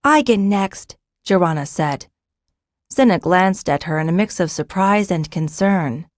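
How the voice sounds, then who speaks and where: A woman's voice: on the low side, a little slow, darkish tone, dry recording, clean studio sound. Woman narrating a fantasy audiobook. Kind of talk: scripted narration.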